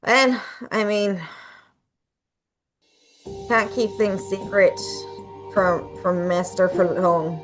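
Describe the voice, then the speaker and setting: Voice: mid-range voice, drawn-out words, long pauses, over music. A woman voicing a blunt, practical halfling servant in a tabletop game, speaking in a matter-of-fact way.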